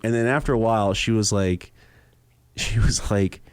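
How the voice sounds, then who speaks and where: A man's voice: lowish voice, moderate pace, clean tone, no room sound. A young man hosting a podcast, telling a story with lots of acted-out quotes. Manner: animated storyteller, acts out quoted voices. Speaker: podcast host. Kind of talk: casual chat, storytelling.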